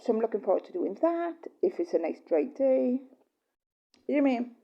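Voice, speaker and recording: A middle-aged woman talks on and on in an earnest, apologetic way, stopping often for fillers. Her voice is dark and mellow. The recording is dull and muffled. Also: a little high, expressive, normal speed, pauses often. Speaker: mother speaking to a partner. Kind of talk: personal heartfelt monologue.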